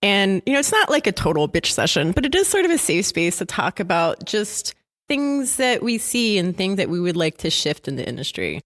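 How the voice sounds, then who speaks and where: A woman's voice: mid-range voice, big pitch swings, normal speed, a bit bright. A woman guest-hosting a podcast in casual chat at a conference happy hour, giggly and self-deprecating. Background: drinks and chatter.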